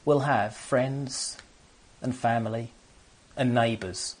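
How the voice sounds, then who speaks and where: A man's voice: medium pitch, fairly even intonation, slow. A man preaching a sermon to an empty room, earnest and often restarting his phrases. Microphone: camera on stands.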